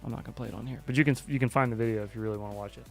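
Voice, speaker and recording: A man with a gravelly, mid-range voice and fairly even intonation talks at a racing pace on his livestream. He rambles and curses often as he flies a drone simulator, faint music behind him.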